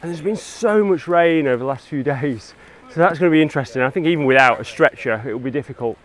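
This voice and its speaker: A man's voice: on the high side, quick pace, low-quality recording. An English man filming a casual photography vlog outdoors on a mountain, talking with enthusiasm as he hikes and shoots. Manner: enthusiastic, talks while hiking and shooting. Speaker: landscape photography vlogger.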